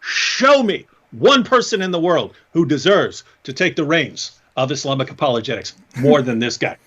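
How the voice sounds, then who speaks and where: A man in casual live-stream chat, mocking and animated, laughing often as he talks. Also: on the high side, moderate pace, husky, highs cut off. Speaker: co-host.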